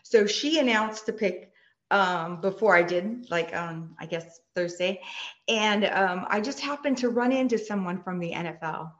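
A woman with a Texan accent, a superfan guest on a podcast, telling her story in an animated, chatty way. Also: a little slow, lo-fi sound. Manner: animated, acts out quoted voices high and bright. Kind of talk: casual interview storytelling.

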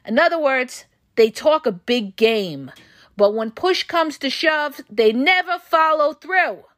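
Blunt high-voiced woman coach. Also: lively intonation, takes it slowly, a bit bright, no room sound, clean studio sound. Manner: frank, profane, emphatic, addresses listeners as "you guys". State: losing her voice. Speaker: podcast host and relationship coach. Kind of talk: blunt advice monologue.

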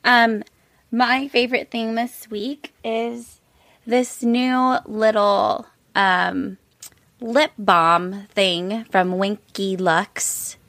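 A woman's voice: medium pitch, steady tone, extremely slow, a bit bright, no echo. A woman co-hosting a casual chat show, telling stories at an easy pace, often laughing and trailing off into fillers. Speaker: podcast co-host.

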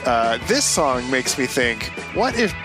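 A man of middling pitch co-hosting a casual podcast. He talks in an easygoing, hesitant way, full of fillers. Music plays clearly beneath his voice. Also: very animated, slow. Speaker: podcast co-host. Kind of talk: casual chat. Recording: music clearly playing underneath.

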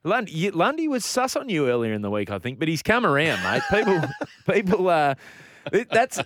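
Easygoing Australian radio host. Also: male voice, on the high side, big pitch swings, moderate pace, a bit bright, no room sound, studio quality. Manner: easygoing, reads out listener texts. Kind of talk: casual sports radio banter.

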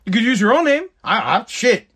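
A man's voice: very high-pitched, big pitch swings, a little fast, a bit bright, slightly rough. A man with a Massachusetts accent hosting a show, ranting bluntly and with lots of profanity in casual commentary. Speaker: podcast host.

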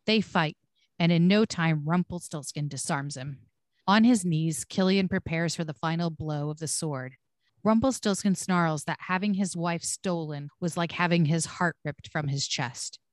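A woman's voice: on the low side, unhurried, no room sound, clean studio sound. A woman co-hosting a podcast, reading scripted episode recaps with blunt, swearing asides.

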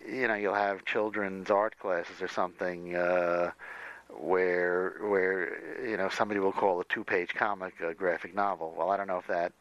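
Low-voiced man rambling on comics history. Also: level tone, moderate pace, a bit bright, dull audio. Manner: rambling, many restarts and fillers. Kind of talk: casual conversation.

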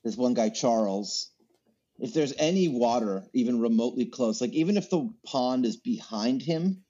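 A man's voice: medium pitch, lively intonation, normal speed, dark tone, husky, highs cut off. A man chatting as a podcast guest, rambling through stories with lots of fillers and restarts. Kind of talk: casual chat.

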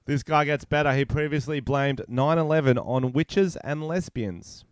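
A man rambles through crude jokes as a podcast co-host, in a smooth, clear voice. The sound is dry and close, as if recorded over a remote call. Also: medium pitch, moderate pace, no echo. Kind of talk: crude casual banter. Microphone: remote call mic.

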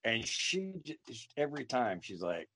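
A man's voice: mid-range voice, big pitch swings, moderate pace, pushed and bright, a little hiss or hum. A man in his forties chatting casually as a guest, wry and self-deprecating. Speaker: comedian guest. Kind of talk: casual interview chat.

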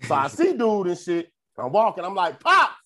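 A young man telling a long story on a podcast, profane and animated, jumping into loud high voices when he quotes people. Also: moderate pace. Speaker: podcast co-host. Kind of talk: casual storytelling chat.

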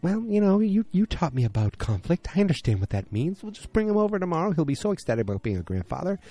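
A man voicing a cheerful, chatty young wife in a high falsetto while retelling a TV episode. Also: very animated, quick pace, warm tone, no room sound. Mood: cheery. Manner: high falsetto, sing-song.

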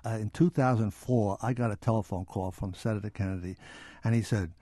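A man's voice: on the low side, brisk, mellow, no room sound, studio quality. An older man, an author and historian, reading from his book and then answering interview questions with many small restarts.

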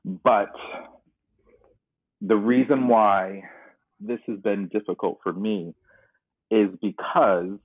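Husky low-voiced man on a phone-like line. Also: steady tone, takes it slowly, pauses often, no room sound. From North Carolina, US. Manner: earnest, reflective, retells scenes. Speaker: podcast guest. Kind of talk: personal storytelling in conversation. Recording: dry, narrow phone-like line.

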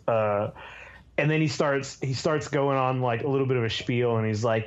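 A man co-hosting a podcast, talking in a hesitant casual way with many pauses and ums. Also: medium pitch, animated. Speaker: podcast co-host. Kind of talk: casual chat. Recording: slightly dull sound.

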